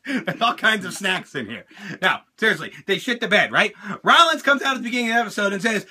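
Excitable, profane male host, very bright and sharp, high voice. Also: fast talker, husky. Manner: excitable, profane, laughing often. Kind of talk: casual chat.

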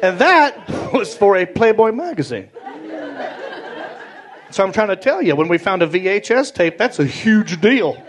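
Guy doing standup, kinda high-pitched, bantering with the crowd, club stage mic. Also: a little slow. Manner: animated and playful, talks with the crowd. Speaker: stand-up comedian. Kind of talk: stand-up comedy set. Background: audience laughter.

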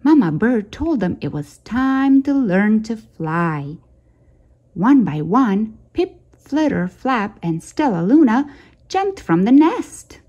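A woman hosting a storytime channel, reading a children's picture book aloud in a gentle, expressive way. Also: on the high side, takes it slowly, muffled recording. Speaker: storytime host.

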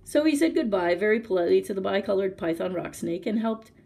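A woman librarian reads a storybook aloud with lively expression, speaking straight to her young listeners. Her voice has a gravelly, husky grain at a middle pitch. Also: fast. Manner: expressive, addresses listener directly. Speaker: librarian reading to children.

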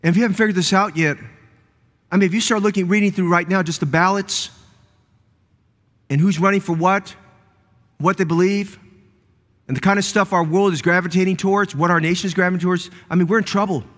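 Man, pastor, sermon, high voice, emphatic repeated phrases, church reverb. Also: fairly even intonation, a little fast, long pauses, a bit bright. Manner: emphatic, rising preaching cadence with repeated phrases. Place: church sanctuary.

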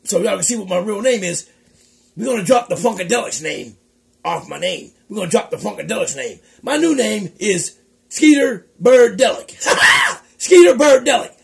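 A loud, scatterbrained bird puppet with a very high voice that swoops up and down, as a man puts him on. He giggles through his words and keeps mixing them up. It's broad comic puppet banter. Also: wildly swooping pitch, normal speed, creaky, exaggerated voice. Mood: boastful. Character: excitable forgetful male bird puppet.

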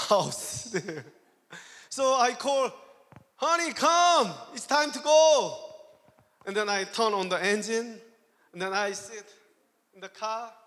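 A man's voice: sits high, fairly bright tone. A man with a Korean accent, speaking English as a second language, preaches as a guest pastor, telling a personal story, acting out his own quoted lines and laughing often. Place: church hall. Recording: long church hall reverb.

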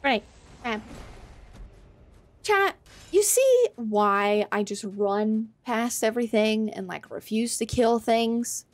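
A woman's voice: fairly high pitch, expressive, takes it slowly, long pauses. A woman streaming a game live, reacting playfully, swearing and laughing as she talks to her chat. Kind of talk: live gameplay commentary.

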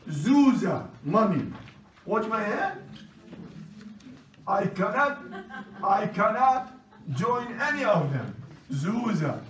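Brisk, commanding man teaching a class. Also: sits high, a bit bright. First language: Chaldean Aramaic. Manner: brisk, commanding, repeats instructions. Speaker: priest teaching an Aramaic class. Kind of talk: classroom lecture. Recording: roomy, distant classroom recording.

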